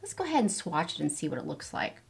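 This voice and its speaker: Fifties woman, beauty vlogger, low-pitched and effusive, talks viewers through a makeup routine with eager praise. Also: wildly swooping pitch, fast talker, creaky, slightly rough. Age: 50s. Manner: gushing, enthusiastic product praise. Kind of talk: get-ready-with-me makeup tutorial.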